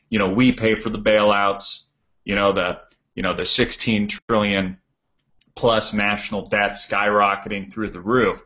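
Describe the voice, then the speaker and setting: Low-voiced rambling male radio host. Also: a bit bright. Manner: filler-heavy, ranting about elites. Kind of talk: rambling monologue. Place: office.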